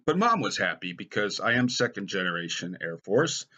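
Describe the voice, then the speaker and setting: A middle-aged American man with a low, husky voice tells personal stories in a dry, deadpan way. His tone is bright and forceful, and the humor stays wry. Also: moderate pace. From United States. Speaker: storyteller. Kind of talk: stand-up style personal storytelling.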